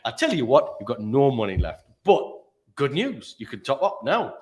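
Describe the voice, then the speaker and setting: A man's voice: medium pitch, big pitch swings, normal speed, a little mellow, close to an everyday voice. A man putting on a Geordie accent to voice a cheerful male call-centre agent with chummy sales patter.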